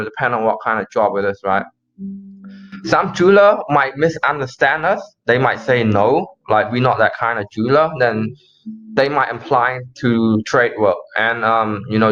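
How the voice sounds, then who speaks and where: A man's voice: mid-range voice, a bit bright. Casual man walking through a sales script. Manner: casual, repeats phrases, acts out call lines. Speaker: sales trainer. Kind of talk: explaining a cold-call script. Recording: slightly dull lo-fi audio.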